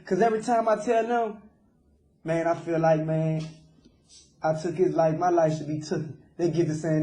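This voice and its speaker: In an echoey room, a young man held as a suspect talks with remorse during a jailhouse interview, often saying "sir." His voice is on the high side and dark in tone, with fairly even intonation at a moderate pace.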